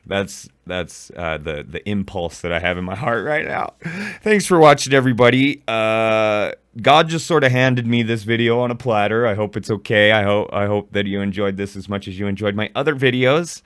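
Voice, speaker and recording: A man's voice: lowish voice, normal speed, a bit bright, clear, resonant tone, no room sound. An adult man ranting angrily in a profane reaction commentary, recorded close on a mic. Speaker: commentary YouTuber.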